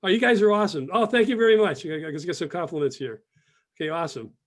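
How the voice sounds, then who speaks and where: A business mentor with a fairly high voice moves at a quick pace through a casual live sales webinar. Upbeat and chatty, he repeats phrases and reads the chat aloud over a computer mic.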